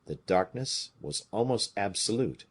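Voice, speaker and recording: Male audiobook narrator, deep and husky, with a lively, animated delivery. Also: a little slow. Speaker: audiobook reader. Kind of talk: audiobook narration of a classic novel.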